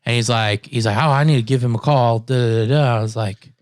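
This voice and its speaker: A man's voice: medium pitch, fast talker, no echo. Guy on a podcast telling a story, laughs a lot, does voices for the people in it, dry room. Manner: animated storyteller, acts out quotes, laughs often. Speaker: podcast co-host. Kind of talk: casual storytelling chat.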